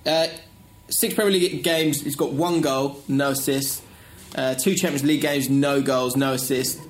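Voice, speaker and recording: A man with a Cockney accent co-hosting a football podcast in casual chat, animated and laughing often. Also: mid-range voice, moderate pace. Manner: animated, laughs often, does mocking voices in anecdotes. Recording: echoey room, faint background noise.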